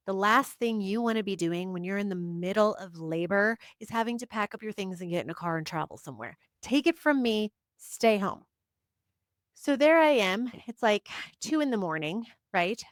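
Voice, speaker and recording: A woman's voice: mid-range voice, no room sound. A woman speaks in a dry, close room with a mid-range voice. She is a psychic reader telling her own story in a chatty monologue. She punches out short, emphatic affirmations one after another. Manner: chatty, frequent "like" fillers. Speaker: psychic reader and spiritual teacher. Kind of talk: casual personal monologue to camera.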